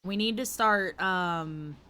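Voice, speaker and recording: A woman streamer chatting casually while gaming, playful and animated, swearing freely. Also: lowish voice, slow, a little hiss or hum.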